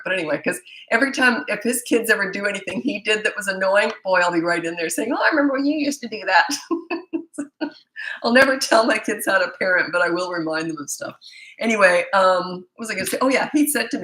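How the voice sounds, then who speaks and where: A parenting coach in her fifties answers viewer comments during a live Q&A, chatty and blunt, often stammering and restarting. Her voice is lowish and a bit bright, in a roomy space on a rough recording.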